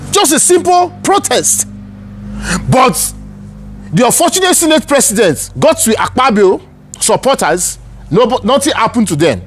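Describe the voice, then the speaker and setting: A man's voice: very high-pitched, big pitch swings, moderate pace, soft background music. A man with a Nigerian accent giving heated, angry political commentary, ranting and repeating himself. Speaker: online news commentator.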